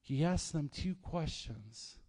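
A man preaching a sermon as pastor, telling stories in a lively, conversational way. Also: a little high, slow pace. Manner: storytelling, animated, conversational preaching. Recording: long hall reverb.

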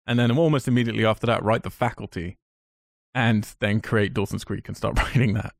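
A man's voice: medium pitch, moderate pace, no room sound, clean studio sound. A man co-hosting a podcast, chatting about films with enthusiasm and a rambling, restarting way of talking. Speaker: podcast co-host. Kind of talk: casual film chat.

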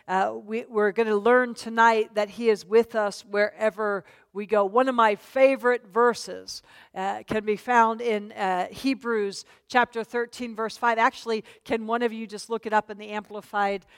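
A woman teaching scripture to a congregation in an easy, conversational manner. Her voice sits a little higher than most, and she asks listeners to join in and read. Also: fairly even intonation, normal speed, smooth. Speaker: Bible teacher. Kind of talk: church Bible teaching. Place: church meeting.

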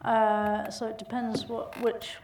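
A woman with a Bolton accent recounts her career as an interview guest, chatty and quick to laugh, trailing off and restarting as she goes. Her voice sits a little high. She is picked up from some way off the mic in a room that rings. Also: monotone, a little mellow, recorded from a distance, a little hiss or hum. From England. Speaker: comedy actress guest. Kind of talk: casual interview chat. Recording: roomy sound from off mic.

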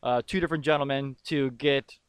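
A man with a smooth, resonant voice, talking loosely and jokingly as he recaps a film scene by scene. The sound is dry and close, with no room around him. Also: medium pitch, fairly even intonation, a little fast, no echo. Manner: rambling, jokey, recaps scenes with lots of fillers. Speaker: podcast co-host. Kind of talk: casual movie-recap chat.

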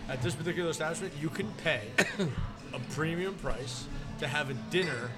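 A man in a casual podcast chat, chiming in loudly with jokes. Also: fairly high pitch, moderate pace, loud music behind the voice. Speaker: podcast co-host.

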